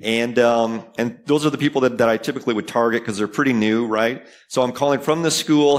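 A man's voice: medium pitch, a little fast, hardly any pauses. A man from Canada giving a conference talk in a casual, conversational way, with many fillers and tag questions. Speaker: conference speaker. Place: conference hall.

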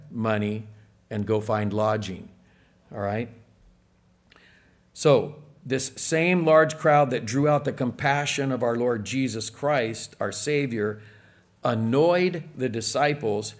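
Conversational male pastor preaching. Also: medium pitch. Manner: conversational, asks the congregation rhetorical questions. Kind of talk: sermon. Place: church.

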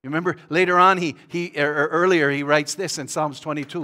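A man, a guest pastor, preaching a sermon that swings between loud bursts and hushed, tender passages. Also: a little high, fairly even intonation, brisk, hardly any pauses.

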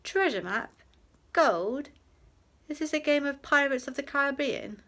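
A woman reading a storybook puts on a breezy, careless young man who talks loudly and jovially. The voice sits a little higher than her usual and has a gravelly edge. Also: unhurried. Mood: mock-innocent.

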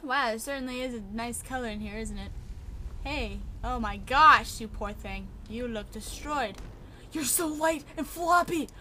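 A woman's voice: fairly high pitch, normal speed, sharp tone, a little hiss or hum. A woman hosting a playful let's-play commentary, chatty and giggly, talking to the characters in the game. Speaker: gaming channel host.

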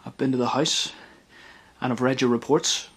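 An actor playing a police detective who gives brisk orders and then questions an old colleague uneasily. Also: male voice, mid-range voice, fairly even intonation, breathy edge. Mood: troubled. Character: troubled detective hunting a killer.

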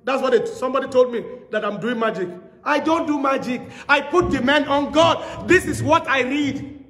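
High-voiced preacher in an echoey hall. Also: male voice, moderate pace, fairly bright tone. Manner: storytelling preacher, repeats phrases for emphasis. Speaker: pastor. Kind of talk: sermon.

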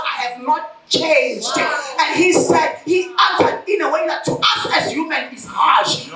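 A woman pastor preaching a fervent sermon, often shouting and calling for responses from the congregation. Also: sits high. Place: church service. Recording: echoey church hall, mic at a distance.

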